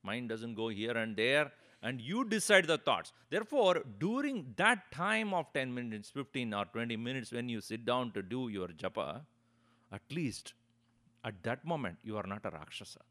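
Man giving a lively discourse. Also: medium pitch, moderate pace. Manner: explanatory, with rhetorical questions and chuckles. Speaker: spiritual teacher. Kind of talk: religious discourse.

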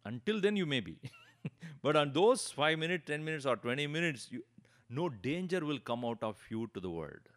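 A man's voice: fairly high pitch, big pitch swings, moderate pace, fairly bright tone. A man teaching a spiritual discourse, explaining with rhetorical questions and light chuckles. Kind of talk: religious discourse.

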